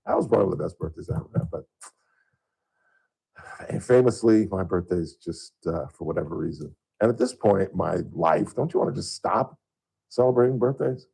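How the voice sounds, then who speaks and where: A middle-aged man from Southern California hosting a radio show, telling stories in a casual on-air chat and getting loud and high when worked up. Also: animated, moderate pace, gravelly, husky, rough recording.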